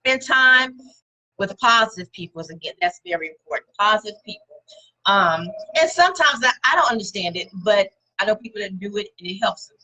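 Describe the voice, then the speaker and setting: A woman's voice: mid-range voice, lively intonation, a little fast, sharp tone, rough recording. A woman giving a casual motivational talk to her viewers, encouraging and conversational, leaning on repeated words for emphasis. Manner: speaks directly to viewers and names them.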